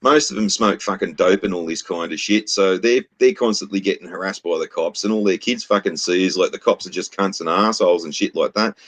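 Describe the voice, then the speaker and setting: Aussie bloke ranting, swears a lot, lowish voice. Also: male voice, fairly quick, hardly any pauses. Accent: Australian. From Australia. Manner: profane, blunt ranting. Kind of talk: casual chat.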